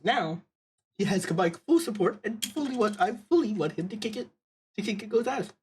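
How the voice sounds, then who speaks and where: A man streaming a story game, reading its dialogue aloud and commenting in an animated, profane, exasperated way. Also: sits high, brisk, a little hiss or hum.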